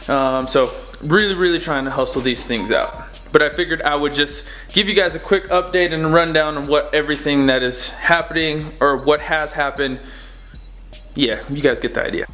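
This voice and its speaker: A young man giving a relaxed, rambling update on his car projects from his home garage, with lots of fillers. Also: a little high, normal speed, faint music behind. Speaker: car-build vlogger. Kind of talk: casual garage update vlog. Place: home garage, door open.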